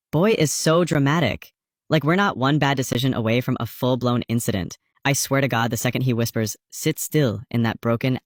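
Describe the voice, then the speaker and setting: A man's voice: mid-range voice, no room sound. Male creator, campy confessional monologue, flirty and over the top, dry close mic. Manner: playful, dramatic, flirty oversharing. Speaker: content creator.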